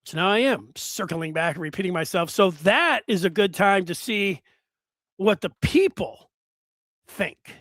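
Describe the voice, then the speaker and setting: A man hosting a solo sports talk show, rambling and animated with many fillers and restarts. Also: sits high, measured pace, no room sound, studio quality.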